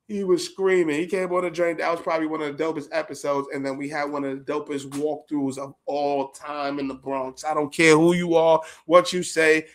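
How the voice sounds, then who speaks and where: A man hosting a podcast, telling stories in an animated, slangy, profane way. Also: a little high. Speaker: podcast host. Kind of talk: casual reminiscing monologue.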